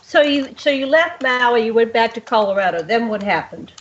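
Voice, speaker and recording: A woman's voice: a little high, lively intonation, moderate pace, a little hiss or hum. Woman host on a dull line. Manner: brief reactions and questions. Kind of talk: radio interview.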